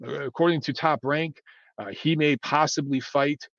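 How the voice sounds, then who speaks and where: A man's voice: on the high side, steady tone, moderate pace, creaky, fairly bright tone, dry recording. A man giving blunt, rambling boxing opinions to his viewers, with many fillers and restarts. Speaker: boxing commentator. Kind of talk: casual opinion monologue. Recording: dull lo-fi dry sound.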